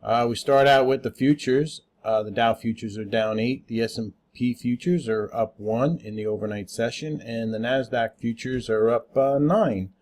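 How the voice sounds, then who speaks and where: A man's voice: medium pitch, steady tone, normal speed, hardly any pauses, a little mellow. A man hosting a casual daily stock market rundown, talking unscripted with lots of "uh" fillers and spelling out tickers letter by letter. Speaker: stock market watchlist host.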